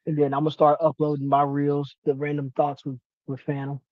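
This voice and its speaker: A man's voice: a little high, monotone, fairly quick, no echo, dull audio. A man co-hosting a podcast in easygoing casual chat. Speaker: podcast co-host.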